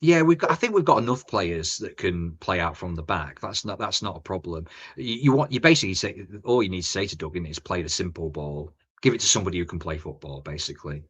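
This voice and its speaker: A man's voice: low-pitched, lively intonation, quick pace, hardly any pauses, breathy edge. A man, co-hosting a podcast in a chatty, rambling football chat full of restarts and tag questions. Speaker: podcast co-host.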